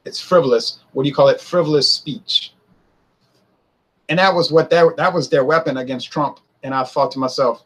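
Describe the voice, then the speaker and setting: A man giving a casual political opinion monologue, animated, often mimicking others in a high mocking voice. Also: breathy edge. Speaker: political commentator.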